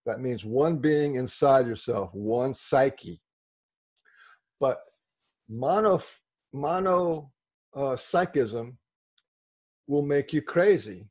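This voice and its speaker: A man's voice: mid-range voice, lively intonation, slow pace, pauses often, darkish tone. A man speaking to a discussion group, explaining ideas and often checking in with listeners. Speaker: workshop speaker.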